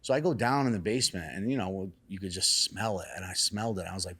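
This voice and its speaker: Low-voiced man telling a casual story. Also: fast, breathy edge. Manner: animated, acts out quotes in raised excited voices; casual, swears freely. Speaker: salon and barbershop owner, guest.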